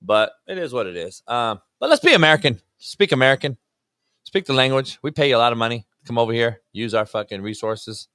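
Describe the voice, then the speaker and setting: A man's voice: mid-range voice, expressive, fairly quick, a bit bright, clean tone, no room sound, studio quality. A man hosting a live sports talk show, ranting brashly and swearing freely.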